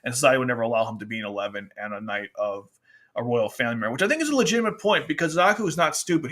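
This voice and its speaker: Bright-voiced chatty male anime reviewer. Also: medium pitch. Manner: chatty, animated, quotes characters in exaggerated voices, laughs often. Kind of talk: casual commentary.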